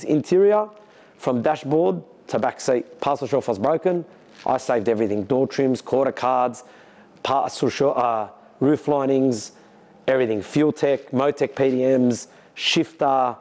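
An Australian man who builds and races cars, telling the emotional story of his crash in bursts and acting out what others said. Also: mid-range voice. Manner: emotional, talks in bursts, lively quoting of others. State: sore after a crash. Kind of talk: candid storytelling to camera.

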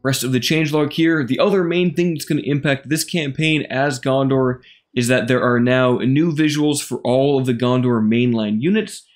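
A man's voice: mid-range voice, normal speed. A man casually talking through a strategy game campaign as he plays, rambling and thinking aloud with fillers. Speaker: gaming YouTuber. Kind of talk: casual gameplay commentary.

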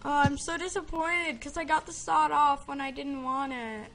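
A young gaming host chatting casually over gameplay, excitable and rambling with lots of fillers. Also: female voice, sits high, moderate pace, a little hiss or hum. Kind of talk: casual game commentary.

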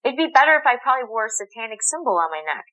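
A woman guest in an interview, telling a story in a casual, animated way, acting out the dialogue and laughing often. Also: fairly high pitch, very fast, low-quality recording. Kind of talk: conversational storytelling.

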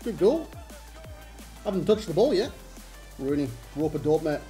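A man's voice: fairly high pitch, very animated, normal speed, dark tone. Brief man in his thirties, gaming commentator, frustrated and sardonic, faint game music behind. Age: 30s. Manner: exasperated, self-mocking running rants. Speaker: gaming YouTuber. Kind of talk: live gameplay commentary.

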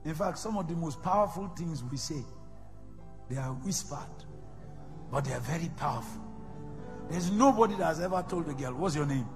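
A man with a Nigerian accent preaching a sermon, swinging between loud shouts and soft whispers. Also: fairly high pitch, expressive, moderate pace, pauses often. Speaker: pastor. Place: large church hall. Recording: reverberant hall with faint music.

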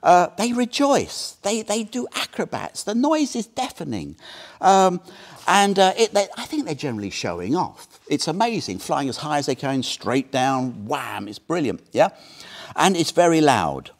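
A man in his seventies giving an anecdotal Buddhist dharma talk as a teacher, animated and often checking in with "yeah?". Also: a little high, moderate pace. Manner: animated storyteller, tags sentences with "yeah?".

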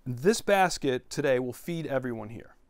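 A man's voice: mid-range voice, animated, moderate pace, dry recording. A middle-aged chef talks to an audience in a bookstore, telling stories in a loose, rambling way. He restarts his sentences often and adds little asides. His voice sits in a mid range for a man. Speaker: chef giving a talk at a bookstore. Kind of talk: storytelling talk to a live audience.

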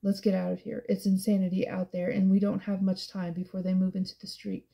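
A woman's voice: mid-range voice, flat delivery, fairly quick, vocal fry, warm tone, natural voice. A woman voicing a blunt, tough young male rebel in an audiobook, urgent and bossy.

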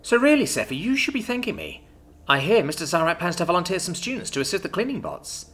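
A man voicing a young, mild-mannered female mage student who speaks calmly. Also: high-pitched, fast talker, faint music behind, pitched above the performer's own voice. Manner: calm, soft-spoken.

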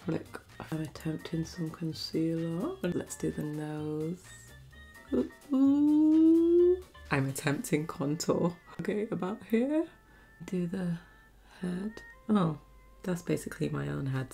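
A woman's voice: on the low side, sing-song, slow, vocal fry. A young woman chatting casually while doing her makeup, giggling often and telling corny jokes. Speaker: beauty vlogger. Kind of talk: casual makeup challenge chat. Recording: soft music behind.

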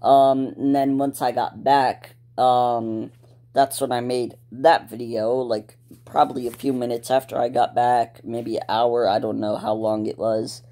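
A male YouTuber talks casually to his viewers, drawling slowly with a mellow, dark tone. He rambles through his thoughts, restarts sentences and leans on ums and laid-back slang. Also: mid-range voice, flat delivery. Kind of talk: casual talk to camera.

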